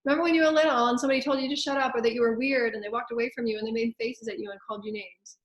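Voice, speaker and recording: A woman's voice: mid-range voice, flat delivery, quick pace, highs cut off, lightly acted. A woman voicing a scolding, fearful inner ego that anxiously questions the listener. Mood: nagging. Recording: echoey room.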